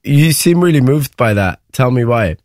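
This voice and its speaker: Gentle male interviewer. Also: medium pitch, animated, normal speed, no room sound. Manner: gentle, probing. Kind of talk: interview questions.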